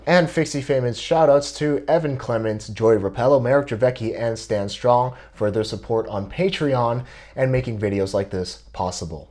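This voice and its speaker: A young man hosting a bike video, laying out a scripted argument step by step in a measured, deliberate way. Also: mid-range voice, a little mellow.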